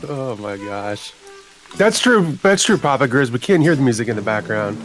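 Stream guest: a relaxed man of ordinary pitch, amused and chuckling, music under him. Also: normal speed. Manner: laid-back, amused, chuckling. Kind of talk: casual chat over voice call.

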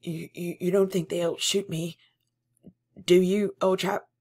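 A woman voicing a panicky, servile middle-aged male prisoner who stammers and pleads loudly. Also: lowish voice, fairly even intonation, takes it slowly, slightly rough. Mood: pleading. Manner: stammering, pleading, louder than narration.

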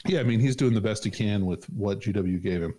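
A man's voice: fairly low pitch, brisk, mellow. A man co-hosting a podcast in casual chat, rambling with many fillers and frequent laughs. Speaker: podcast co-host.

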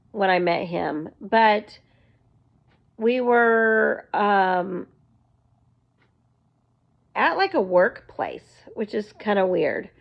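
A woman talking slowly and earnestly to her camera at home, sharing a faith testimony in a rambling, storytelling way. Her voice sits at an ordinary middle pitch, and the sound is slightly dull and lo-fi. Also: gravelly. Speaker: vlogger. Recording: dull lo-fi recording.

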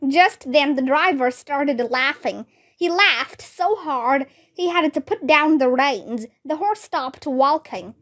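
A woman with a high voice reads a children's mystery aloud, taking it slowly and carefully. Her narration stays even and measured, like a storybook reading for young listeners. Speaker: storybook reader.

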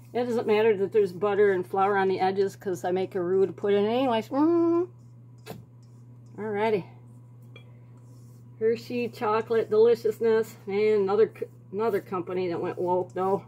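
A woman chats away to herself as she bakes in her home kitchen. Her talk is folksy and rambling, full of small asides, at an ordinary middle pitch. A faint hiss of noise sits under the recording. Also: darkish tone, dull audio. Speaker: home cooking vlogger. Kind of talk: casual kitchen chat.

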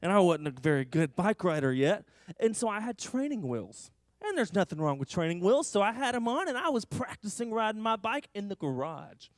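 A man leading a children's church lesson, telling stories to the kids with animated, exaggerated delivery. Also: high-pitched, brisk, no room sound, clean studio sound. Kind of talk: children's sermon.

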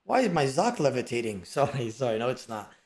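Fast, lively man ranting as he reacts. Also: medium pitch, roomy sound, big-room sound. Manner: blunt, profane ranting. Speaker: streamer reacting to a dating show. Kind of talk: casual reaction commentary.

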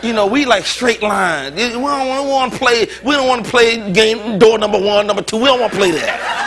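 A man's voice: extremely high pitch, expressive, brisk, a bit bright, a faint crowd. A pastor preaching a sermon in a joking, informal way, often laughing as he talks. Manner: informal, colloquial speech.

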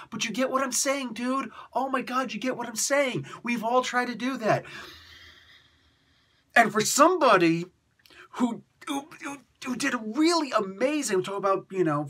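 A man reviewing comics on video in a ranting, sarcastic way, swinging between loud outbursts and quiet mutters, and sounding tired. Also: high-pitched, breathy edge. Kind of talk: animated solo video review.

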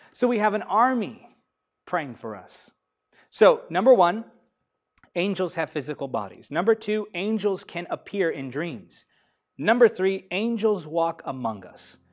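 A man preaching a sermon, reading scripture emphatically and swinging between loud declarations and softer lines. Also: high-pitched. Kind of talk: sermon teaching.

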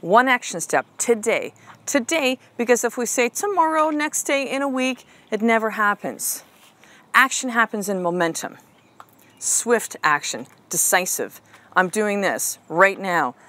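A woman's voice: mid-range voice, expressive, measured pace, bright, forceful tone. A woman life coach hosting a motivational podcast, talking casually and emphatically, full of "like" and "right?" and the odd swear word, calling her listener "sister.". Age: adult mother of a six-year-old. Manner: casual, chatty, frequent "like" and "right?", swears freely.

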